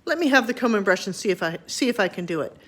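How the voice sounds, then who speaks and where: A woman voicing a blustering, vain male lion with a quick temper, raised and loud. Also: mid-range voice, expressive. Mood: delighted. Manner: loud, shouting, hungry and grumpy.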